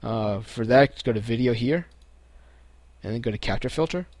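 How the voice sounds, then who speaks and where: Explaining a computer process step by step, a young man hosts a casual screen-recorded tutorial in a mid-range voice at normal speed. No room sound is audible; his easygoing delivery is full of ums and restarted sentences.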